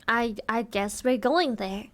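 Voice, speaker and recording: A woman's voice: a little high, slow pace, fairly bright tone. A woman streamer giving casual, playful gaming commentary, chatting and muttering to herself as she plays.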